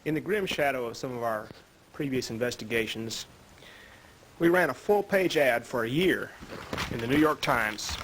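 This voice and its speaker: A man narrating and interviewing in a deadpan, earnest reporter tone for an amateur 1970s mockumentary. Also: medium pitch, moderate pace. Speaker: mock documentary interviewer. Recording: noisy 1970s field recording.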